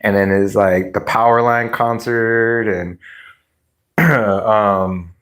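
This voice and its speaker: A man's voice: fairly low pitch, fairly even intonation, slow, a bit bright. A man live streaming, chatting casually with viewers in a rambling, laughing way with plenty of swearing. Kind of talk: casual livestream chat.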